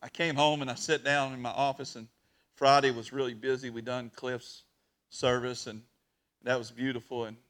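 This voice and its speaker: A man giving an emotional sermon as a pastor, swinging from hushed talk to loud, shouted preaching. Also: mid-range voice, level tone, moderate pace.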